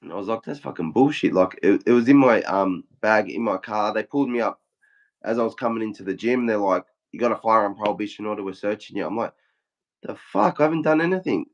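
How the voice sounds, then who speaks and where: A young Australian man tells a story in a casual chat, swearing a lot and acting out everyone's quotes in a flat retelling. His voice is lowish and quick, and the audio sounds dull.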